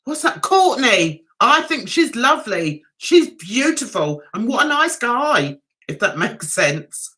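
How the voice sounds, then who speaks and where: A woman's voice: on the high side, sing-song, slow, sharp tone. A middle-aged woman hosting a casual livestream, reading out comments, chatting to viewers and laughing often. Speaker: livestream host.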